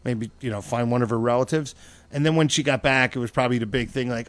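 A man's voice: mid-range voice, fast talker, dry recording. Rambling, mocking talk show host man. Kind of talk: casual talk show banter.

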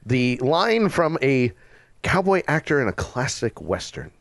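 A man in casual podcast chat, agreeable and quick to laugh. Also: mid-range voice, big pitch swings, dry recording, clean studio sound.

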